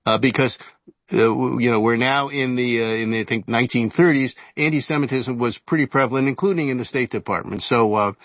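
A man in his seventies, an author and journalist giving an interview, telling stories in a halting way full of fillers and restarts. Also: medium pitch, fairly bright tone, no room sound, muffled recording. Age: 70s. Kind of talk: casual storytelling interview.

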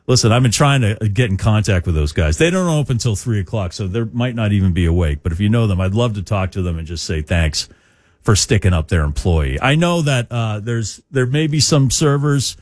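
A man's voice: on the low side, expressive, fairly quick, a little mellow, no echo, clean studio sound. A man hosting morning rock radio, chatting in a rambling, opinionated way with lots of fillers. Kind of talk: radio talk. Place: radio studio. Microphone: studio microphone.

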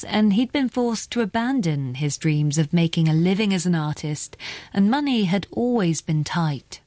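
Low-voiced woman narrating a podcast. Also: a little mellow, dry recording. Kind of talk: scripted narration and interviewing. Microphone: dry studio mic.

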